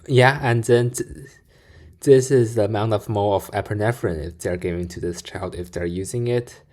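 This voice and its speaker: A man's voice: on the low side, moderate pace, darkish tone. Guy reacting to vids, talks through math step by step, mutters to himself a lot. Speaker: video reactor. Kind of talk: casual reaction commentary.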